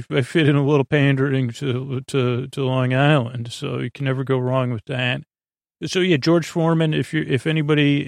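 Rambling gravelly-voiced man hosting a sleep podcast. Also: medium pitch, no echo, studio quality. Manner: meandering, self-interrupting, goofy digressions. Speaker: podcast host. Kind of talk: rambling bedtime podcast monologue.

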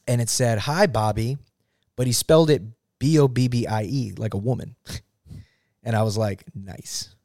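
A man in casual interview chat, an animated storyteller who swears and laughs often. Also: medium pitch, normal speed, dry recording, studio quality. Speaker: guest musician.

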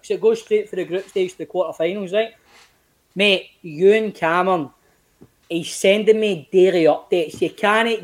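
A man in his late thirties with a Glaswegian Scottish accent, telling a story as a guest in casual chat, animated and sweary, acting out quotes in big swings of pitch. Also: moderate pace. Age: late 30s. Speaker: podcast guest, actor.

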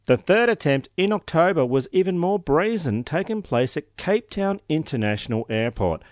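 Man, joking and sarcastic, lively pitch, dry close sound. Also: normal speed, no room sound. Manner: joking, sarcastic, swears freely. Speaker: podcast co-host. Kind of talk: casual chat.

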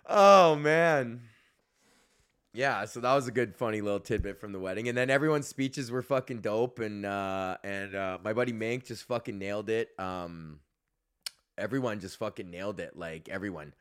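A man's voice: mid-range voice, normal speed, clear, resonant tone. A man who hosts a podcast and does stand-up, telling stories in a casual, profane rant and acting out the voices of the people in them. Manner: animated, profane, acts out voices in his stories. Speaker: podcast host and comedian.

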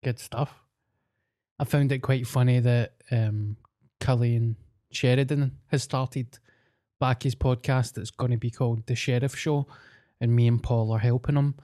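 A man's voice: medium pitch, fairly even intonation, measured pace, dark tone. A Scottish man co-hosting a podcast, telling stories against himself in casual banter. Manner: self-mocking storyteller. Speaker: podcast co-host. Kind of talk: casual chat.

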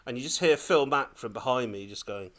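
A man on a podcast telling a lively personal story in casual chat, laughing often as he goes. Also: medium pitch, fairly quick. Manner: animated, laughing, breathless when excited. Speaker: podcast co-host.

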